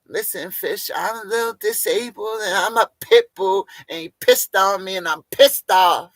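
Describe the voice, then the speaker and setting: Brief: high, squeaky, indignant woman who feels wronged, voiced by a man mocking her. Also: unhurried, a bit bright, no room sound, rough recording. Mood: aggrieved. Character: whiny, confused, angry woman likened to a pit bull.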